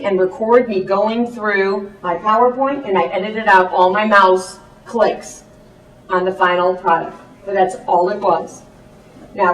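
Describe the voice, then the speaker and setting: Chatty woman teacher, echoey room. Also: mid-range voice. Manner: chatty, quick asides. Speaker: teacher presenting to parents. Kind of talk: classroom presentation. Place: presentation room. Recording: echoey room, far from the mic.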